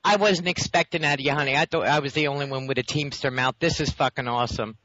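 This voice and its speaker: A man's voice: mid-range voice, steady tone, fast, sharp tone. A man hosting a radio interview with crude, laughing banter. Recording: muffled radio audio.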